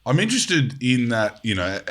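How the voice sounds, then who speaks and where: An Australian podcast host chats casually, rambling and swearing freely and dropping "you know" again and again. His voice is medium-pitched and very animated, at a normal speed.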